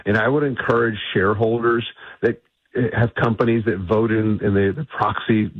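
A man's voice: fairly low pitch, steady tone, moderate pace, slightly rough, no room sound. A man speaking as a guest in a phone-in radio interview, arguing his points assertively with frequent restarts. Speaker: energy policy guest. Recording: tinny phone line.

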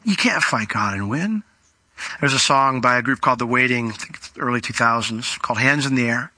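Animated bright-voiced male pastor preaching. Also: mid-range voice, brisk, dry recording. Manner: animated and emphatic, acting out dialogue with God. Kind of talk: sermon.

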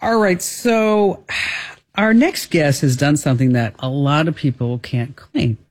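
A man with a New Jersey accent hosting a talk show, chatty and quick to laugh, often restarting his sentences. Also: fairly high pitch, no room sound. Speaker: radio show host. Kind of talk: casual talk show chat.

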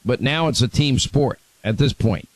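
A male radio host takes callers on his talk show. He talks at a middle pitch in a dry, close studio sound. He speaks emphatically, often stumbling into restarts before he lands his point. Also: normal speed, no room sound, low-quality recording. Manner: emphatic, repeats phrases, restarts sentences.

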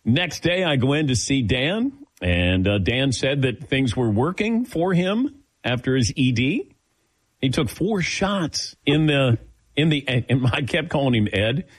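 A male radio host telling a story with a lively, swinging pitch, playing out both sides of the conversation. His voice sits in a middle register and he chuckles between lines. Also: measured pace, husky, no room sound. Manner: animated storyteller, acts out dialogue with laughs. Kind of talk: casual storytelling on a sports talk show.

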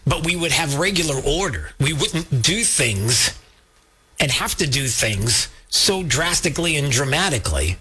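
A man's voice: fairly high pitch, sing-song, unhurried, sharp tone, breathy edge. A man hosting a political talk radio show, emphatic and fired up, speaking straight to his co-host and his listeners. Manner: fired-up, emphatic, addresses co-host and audience directly. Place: radio studio.

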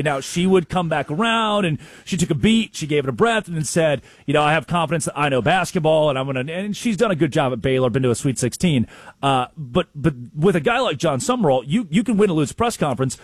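A high, lively male voice with a husky edge, recorded dry and close. He is an excitable sports talk co-host who swings his pitch wide as he acts out quotes from coaches. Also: dry recording.

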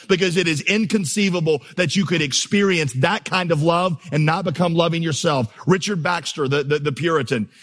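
A man's voice: high voice, fairly bright tone, long reverb tail. A man preaching a sermon as a pastor, moving between storytelling and rhythmic, building lists. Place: church auditorium.

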